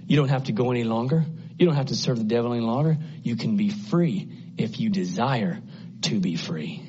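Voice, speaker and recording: A man preaches with fervor, moving between quiet pleading and high, ringing appeals. His voice is a little husky. The recording is dull and lo-fi, like an old church tape. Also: normal speed. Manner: impassioned, swinging from hushed to loud and high. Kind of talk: sermon.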